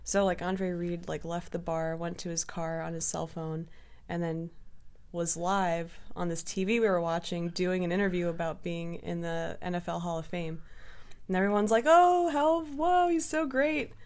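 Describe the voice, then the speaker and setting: A woman in casual podcast chat, telling a story in an animated, profane way and acting out what others said. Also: fairly low pitch, moderate pace. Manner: animated, profane storytelling with lively quoted voices.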